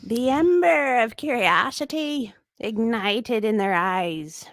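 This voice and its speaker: A woman co-hosting a casual podcast, reading a story slowly and joking around. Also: a little high, lively intonation, dry recording. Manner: playful, jokey, slow when reading. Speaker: podcast co-host.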